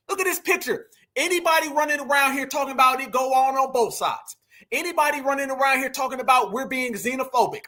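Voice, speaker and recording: A man's voice: very high voice, pushed and bright. A man hosting a commentary video who talks in slang, with emphasis, and keeps addressing his viewers as family. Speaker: commentary host. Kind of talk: commentary over video clips.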